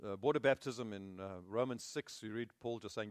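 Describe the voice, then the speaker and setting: A man preaching a sermon, telling the story with animated energy and frequent chuckles. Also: lowish voice, moderate pace, hardly any pauses, no room sound, clean studio sound.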